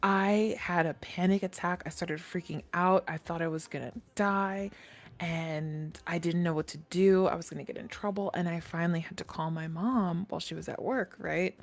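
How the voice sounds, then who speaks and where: A woman with a fairly low voice spins a long, animated personal story in a casual stream chat. She laughs often and swears freely as she talks. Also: normal speed.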